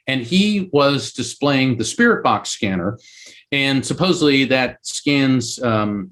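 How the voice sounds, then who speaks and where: A middle-aged man from Central Florida tells a story in a loose, conversational way, with a voice of ordinary middle pitch. He gets animated and climbs high in pitch when acting out the shouted parts. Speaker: author and medium. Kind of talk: casual spoken storytelling.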